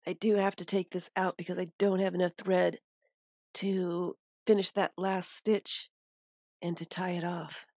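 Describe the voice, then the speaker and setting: A woman's voice: on the low side, little pitch movement, a little slow, darkish tone, no echo, clean studio sound. A woman on a live stream, showing a craft and thinking aloud as she works.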